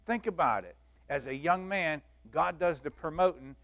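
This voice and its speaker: A man with a drawl leads a church Bible lesson, folksy and animated as he acts out the stories. His voice sits slightly high for a man. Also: moderate pace. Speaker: Sunday school teacher.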